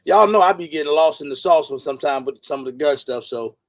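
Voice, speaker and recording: A man's voice: fairly high pitch, fast talker, no room sound. A man hosting a casual livestream, laid-back, greeting viewers by name. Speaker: livestream host. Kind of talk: casual live chat.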